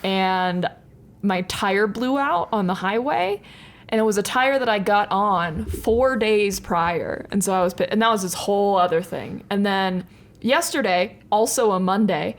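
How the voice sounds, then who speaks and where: A woman's voice: medium pitch, animated, measured pace. Rambling, laughing young woman co-host. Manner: rambling, laughs often, self-mocking. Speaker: podcast co-host. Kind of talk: casual storytelling chat.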